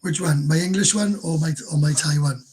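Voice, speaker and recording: A man's voice: on the high side, fairly quick, a little mellow, slightly rough. A man with a Welsh accent hosting a casual livestream, rambling, swearing freely and stumbling over repeated words as he answers viewers. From Wales. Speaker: livestream host.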